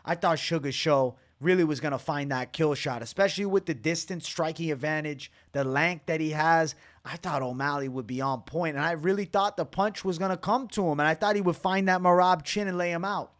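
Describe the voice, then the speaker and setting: Casual, swearing man, slightly high voice. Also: a little fast, hardly any pauses, fairly bright tone. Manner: loose, opinionated, swears freely. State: tired, up very late. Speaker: MMA reaction channel host. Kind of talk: casual fight breakdown to camera.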